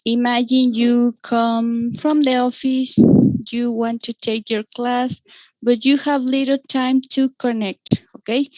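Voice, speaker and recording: A woman's voice: a little high, level tone, slow, a little mellow, dry recording, rough recording. A woman with a Mexican Spanish accent teaching an online English class, patiently explaining grammar and checking in with "okay?" after each point.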